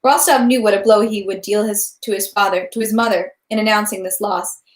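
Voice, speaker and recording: A woman reading a novel aloud, steady with small slips and restarts. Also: mid-range voice, fairly quick, echoey room. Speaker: reader of a novel. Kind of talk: read-aloud narration.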